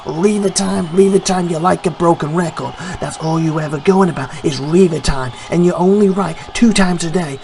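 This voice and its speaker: A man's voice: a little high, moderate pace, gravelly, hardly any pauses, crowd noise. A man voicing an arrogant male wrestling champion who brags in rhymes and mocks his rivals. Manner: brash, rhyming boasts, mocking.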